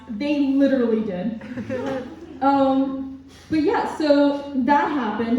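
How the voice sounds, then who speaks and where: A young woman performing a stand-up comedy set at a student club, laughing at her own jokes and filling pauses with ums. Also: high voice, dark tone, a little hiss or hum. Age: young adult. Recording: echoey, distant, dull room recording.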